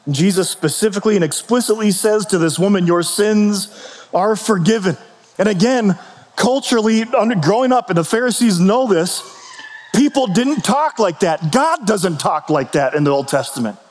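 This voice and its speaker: A man gives a sermon in a relaxed, conversational manner, asking rhetorical questions and circling back over his own phrases. His voice sits fairly high for a man. The sound carries a long reverb, as if from a large hall. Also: moderate pace. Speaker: pastor.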